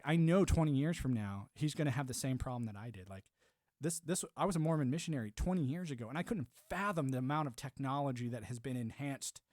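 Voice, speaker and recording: A man's voice: medium pitch, no echo, clean studio sound. A man in his forties ranting on a live stream, rambling and swearing, with lots of "you know". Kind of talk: ranting monologue.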